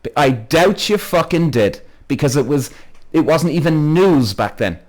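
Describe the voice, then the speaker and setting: A man's voice: a little high, lively intonation, a little slow. Heated, rambling man hosting a live Q&A. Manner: rambling, heated, swears freely; chatty, addresses viewers by name. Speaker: podcast host. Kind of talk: live-stream Q&A, reading out comments.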